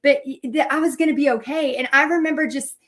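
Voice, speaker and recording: Woman, high register, paint party instructor; casual, rambling storyteller with frequent fillers. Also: steady tone, fast talker, fairly bright tone. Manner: chatty, frequent fillers and restarts. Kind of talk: live painting lesson with personal storytelling.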